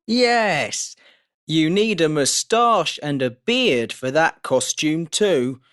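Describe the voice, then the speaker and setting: A woman's voice: low-pitched, expressive, slow, voice pushed down. A woman reading a storybook aloud, voicing a helpful male shopkeeper.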